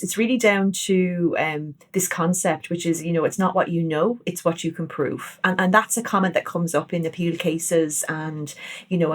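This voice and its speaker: Chatty woman host, lowish voice. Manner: chatty, agreeable, talks in long running sentences. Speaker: podcast host. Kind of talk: conversational interview.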